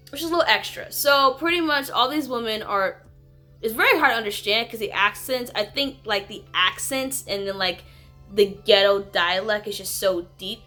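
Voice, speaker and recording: Brief: chatty woman movie reviewer, slightly high voice, faint music under. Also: sharp tone. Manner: rambling, frequent "like". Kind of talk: casual chat.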